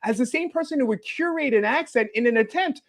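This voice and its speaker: A man's voice: very high-pitched, animated, fairly quick. A man making a callout video, speaking in a sarcastic, profane, mocking way. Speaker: commentary video creator.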